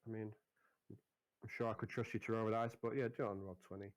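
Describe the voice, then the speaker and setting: A man's voice: on the low side, level tone, brisk, dry recording, low-quality recording. A man running a tabletop game and checking rules as he goes, often stopping and restarting. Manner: hesitant, lots of restarts while checking rules. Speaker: game master.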